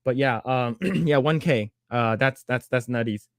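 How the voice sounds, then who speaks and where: A man co-hosting a podcast, retelling stories in casual chat with lots of fillers and quick put-on voices. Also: mid-range voice, smooth, no echo, studio quality. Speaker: podcast co-host.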